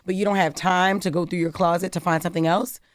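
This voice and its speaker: A woman from Maryland with a deep, raspy voice, co-hosting casual morning radio banter in a studio, animated and quick to laugh. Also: no room sound. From Maryland, USA. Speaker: radio co-host. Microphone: studio microphone.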